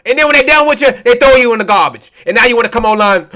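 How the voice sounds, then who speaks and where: A male preacher with a very high, bright voice delivers a sermon full of rhetorical questions and biting mockery. He is impassioned and scornful, often dropping into a low, quiet aside. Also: lively intonation, rapid-fire, few pauses. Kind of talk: sermon with scripture reading.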